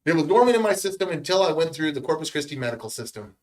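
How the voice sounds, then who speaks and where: A man telling a story in casual podcast chat, profane and animated. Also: fairly high pitch, racing.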